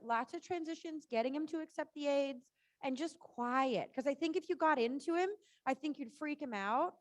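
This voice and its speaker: A woman with a high voice coaches a rider through a live lesson. She is chatty and encouraging, with a running stream of "good" and "right?". The sound is dry, with little room echo. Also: moderate pace. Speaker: riding instructor.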